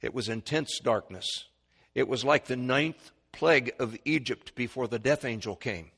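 A man preaching an expository sermon, reading scripture aloud and explaining it, his voice climbing high and loud when he quotes the mockers. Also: normal speed, gravelly, husky, big-room sound. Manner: rises sharply in pitch and volume when quoting mockers; reads scripture in King James wording with commentary.

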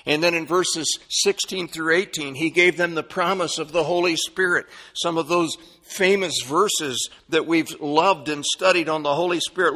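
A man preaching a sermon, folksy and animated, moving between loud, high exclamations and soft, low asides. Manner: folksy, repeats words, chuckles often. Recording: long reverb of a church hall.

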